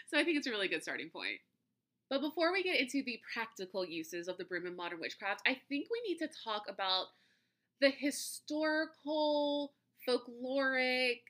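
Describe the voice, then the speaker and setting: Bright-voiced chatty woman podcast host. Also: a little high. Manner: chatty and warm toward listeners, laughs often, trips over words. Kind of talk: casual solo podcast talk.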